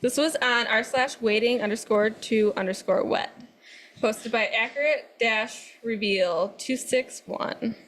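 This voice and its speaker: A woman co-hosting a podcast, reading forum posts aloud with an animated, laughing manner. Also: fairly high pitch, measured pace, a little hiss or hum. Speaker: co-host.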